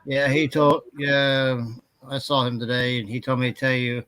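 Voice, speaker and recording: A man's voice: medium pitch, level tone, moderate pace, fairly bright tone, smooth, dry recording, rough recording. Complaining man telling a story casually. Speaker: streamer's son. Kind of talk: casual chat.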